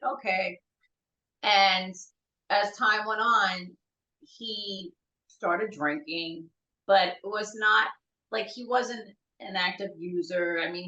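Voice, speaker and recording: Middle-aged woman, lowish bright voice, halting tearful storytelling, echoey dull audio. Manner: halting, searching for words. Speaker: podcast guest, bereaved mother. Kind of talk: emotional personal storytelling.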